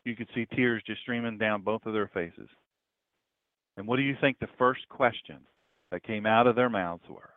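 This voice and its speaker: A pastor telling a story in a sermon, his voice swinging between loud stretches and hushed ones. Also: on the low side, normal speed, no room sound, phone-quality sound.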